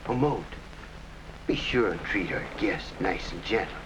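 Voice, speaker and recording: An actor playing a ruthless, scheming hired killer in an early TV crime drama, talking tough gangster slang. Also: male voice, low-pitched, lively intonation, measured pace. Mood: gloating. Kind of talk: 1950s TV crime drama acting. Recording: dull old TV soundtrack with faint hiss.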